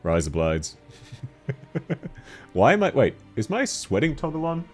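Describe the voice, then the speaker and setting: A man with a deep timbre chatting casually and jokily while streaming a game, laughing often. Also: sing-song, measured pace, husky, soft background music. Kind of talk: casual gaming stream chat.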